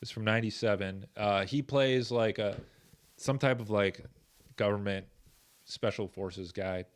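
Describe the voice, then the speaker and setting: A man hosting a podcast, chatting casually in a relaxed, laid-back way. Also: lowish voice, unhurried, clean tone. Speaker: podcast host. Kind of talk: casual chat.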